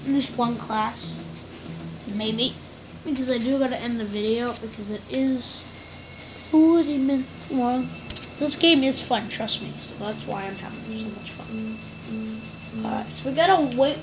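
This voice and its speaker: A woman's voice: fairly high pitch, a little slow, background noise. A woman casually narrating a video game session for viewers, rambling, joking at herself and giggling. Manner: rambling, giggly, self-mocking, addresses viewers. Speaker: gaming video host. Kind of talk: casual let's-play commentary. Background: game music.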